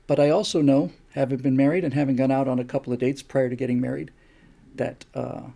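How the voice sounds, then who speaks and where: A man's voice: mid-range voice, fairly even intonation, fast, creaky, dark tone. An older man hosting a show, delivering an opinion monologue with emphatic, repeated rhetorical questions. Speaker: show host.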